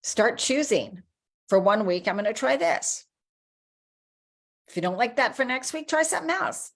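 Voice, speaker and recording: A woman's voice: fairly high pitch, expressive, moderate pace, vocal fry. A woman, around her forties, giving an encouraging, conversational motivational talk as a life coach. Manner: encouraging, conversational, acts out inner voices.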